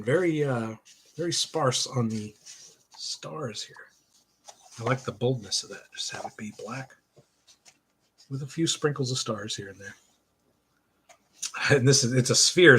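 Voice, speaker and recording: Middle-aged guy rambling through a comic review, lots of uhs, husky voice. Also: mid-range voice, moderate pace, pauses often, fairly bright tone. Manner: rambling and joking, with frequent fillers, laughing at himself. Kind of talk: casual comic review chat.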